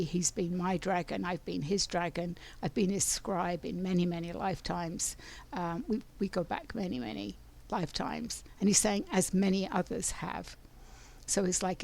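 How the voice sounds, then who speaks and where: A woman's voice: mid-range voice, creaky, darkish tone. An older woman from London with a London English accent, giving a meandering spiritual talk full of ums and restarts. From London, England. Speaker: spiritual channeler.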